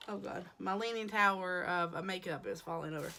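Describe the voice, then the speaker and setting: A woman with a hoarse voice, chatting casually through a makeup haul as a beauty vlogger, rambling with plenty of fillers. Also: lowish voice, fairly quick, pushed and bright.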